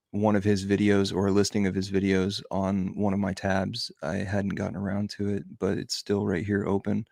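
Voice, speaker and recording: Low gravelly man hosting a stream. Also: a little mellow, no echo, clean studio sound. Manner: friendly, greets viewers by name. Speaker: host. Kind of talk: casual livestream chat.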